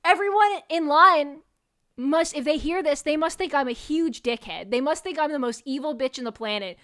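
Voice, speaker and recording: A young adult woman streamer telling a story in a casual, animated way, with frequent swearing and rambling asides. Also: sits high, a little fast. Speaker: VTuber streamer.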